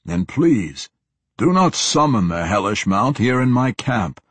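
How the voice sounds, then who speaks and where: A man's voice: mid-range voice, big pitch swings, a little slow, a bit bright, breathy edge, no echo, full character voice. A man voicing an old male half-orc merchant in an audiobook, speaking in a genteel, chuckling and sometimes pleading way. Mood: wry amusement. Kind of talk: audiobook character voice.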